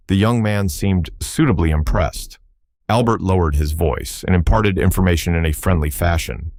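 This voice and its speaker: A man narrating an audiobook in a measured, wry storytelling manner. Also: deep voice, creaky, darkish tone, no echo. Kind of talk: scripted narration.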